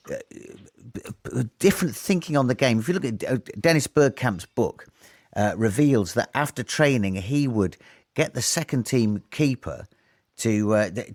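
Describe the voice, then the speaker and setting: A man's voice: medium pitch, no echo, clean studio sound. A man giving his thoughts on a radio football show, rambling and restarting as he thinks aloud. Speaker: studio pundit.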